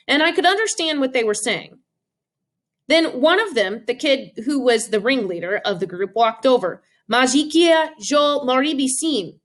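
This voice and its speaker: Expressive woman audiobook narrator. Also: sits high. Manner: expressive storytelling.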